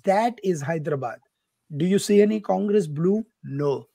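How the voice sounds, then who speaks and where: A man's voice: high voice, animated, normal speed, creaky, warm tone, dry recording. A man hosting a podcast, casually walking through election numbers with joking asides. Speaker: podcast host. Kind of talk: casual political discussion.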